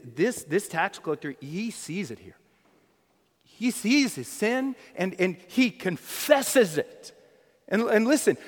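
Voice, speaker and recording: A man with a high voice preaches a sermon in a hall with long reverb. He swings between loud crying out and a hushed near-whisper, repeating phrases and restarting them for emphasis. His delivery is impassioned and dramatic.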